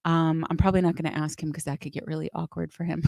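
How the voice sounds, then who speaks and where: A woman's voice: sits low, flat delivery, fast, gravelly, dark tone, no echo. A woman hosting a live music show, bubbly and playful, laughing often. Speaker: host.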